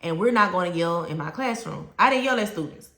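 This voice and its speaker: A woman with a Southern US accent talks teachers through classroom respect in an emphatic, plain-spoken way. Her voice is bright and carries well. The room around her has a noticeable echo. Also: lowish voice, expressive, brisk. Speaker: teacher trainer. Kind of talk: teaching talk to camera.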